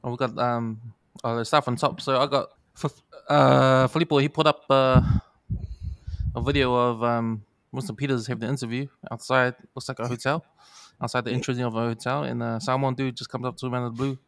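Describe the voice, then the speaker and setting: A man's voice: medium pitch, level tone, brisk, vocal fry, a bit bright, clear, resonant tone, no room sound, clean studio sound. A man with a New Zealand accent, co-hosting a podcast, chatty and steering the talk to the next topic. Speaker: podcast co-host. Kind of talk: casual chat.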